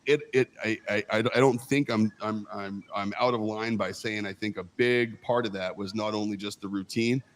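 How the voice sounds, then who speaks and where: A man's voice: lowish voice, fairly even intonation. A man co-hosting a livestream, talking casually and often restarting his words. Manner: halting, repeats words when thinking aloud. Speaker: co-host. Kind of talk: livestream chat.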